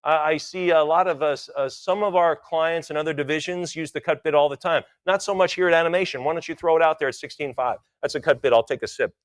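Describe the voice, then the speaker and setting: A man working as an auctioneer, chanting bids in quick rhythmic runs and tossing in joking asides. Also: on the high side, steady tone, dry recording. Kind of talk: live auction calling.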